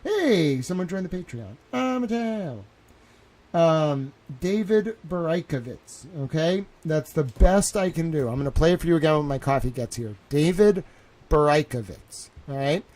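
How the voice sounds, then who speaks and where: Young male streamer talking from home, rambling and worked up, a touch high-pitched. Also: moderate pace, few pauses. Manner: excitable, repeats himself, says "bro" and "like" a lot. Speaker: live streamer. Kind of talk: rambling live stream monologue.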